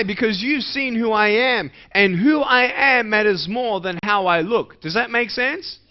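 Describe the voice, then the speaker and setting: A man giving a motivational speech to schoolchildren in a playful way, asking the audience questions. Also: sits high. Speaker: motivational speaker. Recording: dull lo-fi recording.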